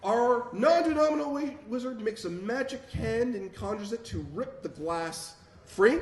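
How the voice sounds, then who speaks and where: Guy gm running a live game at a con, high bouncy voice, echoey room with noise. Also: moderate pace. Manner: animated, laughing, playful. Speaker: game master. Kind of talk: live tabletop game narration. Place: convention panel room.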